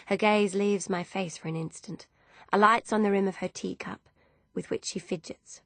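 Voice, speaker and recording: Female audiobook narrator, measured delivery, gravelly low voice. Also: no room sound. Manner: steady, measured storytelling. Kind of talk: scripted narration.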